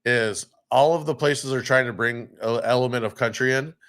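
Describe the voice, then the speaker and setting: A man's voice: mid-range voice, moderate pace, fairly bright tone. A man co-hosting a podcast, a DJ telling rambling gig stories in casual chat, swearing and acting out the people he quotes. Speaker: podcast co-host, DJ.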